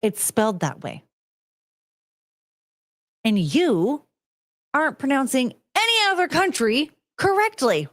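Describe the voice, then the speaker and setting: Brief: woman podcast host, profane rambling rant, unhurried delivery, dry close sound. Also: high-pitched, very animated, a bit bright, no room sound. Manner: profane, ranting, swears freely; rambling, loses her train of thought. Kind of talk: casual chat.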